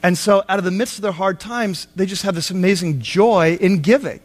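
A pastor preaches a sermon on a Bible passage in a conversational way, with asides and acted-out quotes. His voice sits high and moves a little fast.

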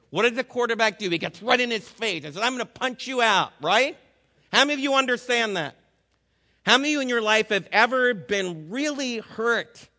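A man's voice: high-pitched, pushed and bright, in a large hall. An older man preaching a sermon with energy, asking his listeners many questions. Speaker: pastor.

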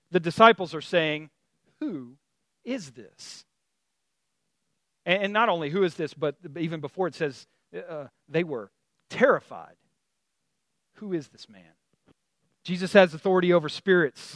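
A man preaching a sermon in a conversational, animated storytelling way, with many fillers and restarts. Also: fairly high pitch, dry recording. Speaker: pastor.

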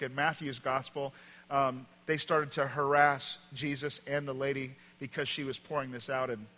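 A pastor preaching a sermon, telling stories with emphasis and swinging from loud passages to quiet ones. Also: male voice, fairly high pitch. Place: church auditorium. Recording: long hall reverb.

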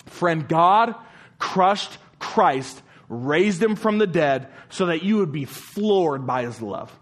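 A man preaches a sermon from the pulpit, his voice sitting a little high for a man. He hammers home his point with strings of rhetorical questions. Then he drops to a hushed, slow delivery to let a line land. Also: animated. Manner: emphatic, rhetorical repeated questions; drops to a quiet, slow voice for emphasis. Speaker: pastor.

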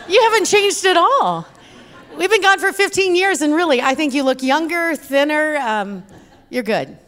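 A middle-aged woman with a Texan accent gives a guest talk at church. She tells stories in a joking, lively way. Her voice sits a little high. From Texas. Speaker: guest speaker.

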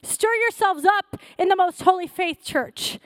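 A woman's voice: extremely high pitch, a little slow, fairly bright tone, no room sound, clean studio sound. A woman pastor preaching a fervent sermon, exhorting her church with rising, repeated calls.

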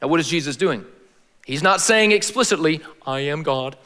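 Man, pastor, sermon, laid-back slangy delivery, animated emphasis, slightly raised pitch. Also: normal speed, in a large hall.

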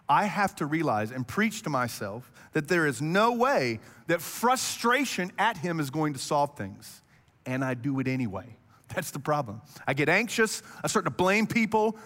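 A man preaching a sermon in an animated, conversational way, often clearing his throat. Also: a little high, big-room sound. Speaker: pastor.

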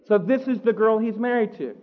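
A man preaching a sermon, animated, acting out the quotes he tells. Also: high-pitched, fairly quick, phone-quality sound. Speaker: pastor.

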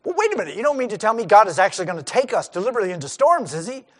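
A man's voice: high voice, big pitch swings, very fast. A middle-aged male pastor giving a sermon in a conversational way, acting out the lines of the disciples.

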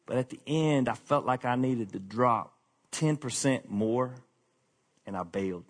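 Casual pastor preaching. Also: male voice, medium pitch, a little slow. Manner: candid, self-deprecating, drops to a quiet confessional tone. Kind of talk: conversational sermon.

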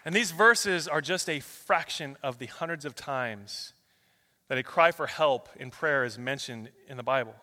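Male pastor, sermon, sharp bright tone, long hall reverb, shifts from loud to soft, reads verses in quick succession. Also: mid-range voice, a faint crowd. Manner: preaching with big swings from loud and rapid to soft and slow. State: out of breath.

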